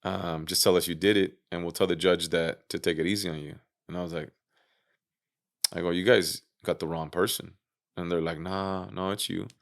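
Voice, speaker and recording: A low, gravelly-voiced man talking as a podcast guest. He retells events casually, full of "you know" and "I go," swearing and acting out what others said. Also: moderate pace. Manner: animated retelling with acted-out quotes, swearing, frequent fillers. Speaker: interview guest. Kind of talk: casual storytelling interview.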